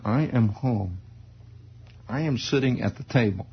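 A man tells a story in a very husky, gravelly voice. His pitch swings lively and wry. The recording is dull and lo-fi. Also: moderate pace. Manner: wry, animated, chuckling. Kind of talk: spoken storytelling monologue.

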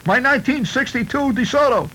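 A man voicing an indignant car owner who insistently reports his stolen car in a raised, higher voice. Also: lively intonation, fairly quick, sharp tone, a little hiss or hum, full character voice, rough recording.

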